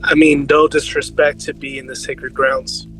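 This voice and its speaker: A man's voice: fairly high pitch, level tone, moderate pace, a bit bright, soft background music, rough recording. A man playing his character in a tabletop game, speaking earnestly and sincerely. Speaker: player. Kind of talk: in-character roleplay.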